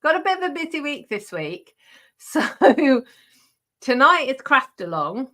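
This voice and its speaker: A woman's voice: sits high, big pitch swings, unhurried, pushed and bright. A middle-aged woman hosting a casual live craft chat with viewers, chatty and laughing, with many ums and restarts. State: out of breath. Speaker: craft show host.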